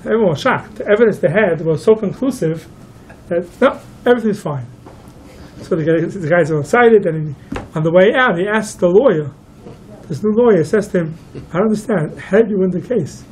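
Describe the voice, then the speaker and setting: A man's voice: sits high, expressive, a little fast, a little hiss or hum, low-quality recording. A man, a rabbi, telling a long story to listeners and quoting each figure in turn. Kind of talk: storytelling talk.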